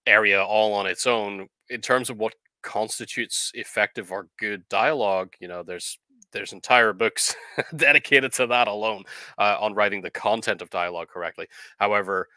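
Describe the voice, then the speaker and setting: Low, bright-toned man explaining editing. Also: dry recording. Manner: measured, explanatory, frequent ums and uhs. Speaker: co-host of a writing advice show. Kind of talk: casual discussion on editing fiction.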